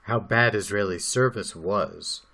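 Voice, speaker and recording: A man co-hosting a casual podcast. He reacts easily and chips in with side comments. His voice sits a little low. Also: measured pace, gravelly. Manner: relaxed, reactive listener who jumps in with asides. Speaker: podcast co-host. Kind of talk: casual conversation.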